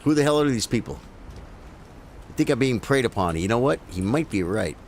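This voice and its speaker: A man streaming live gameplay, chatting casually and breaking into loud, excited yelps during fights. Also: mid-range voice, fairly quick, slight background noise. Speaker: game streamer.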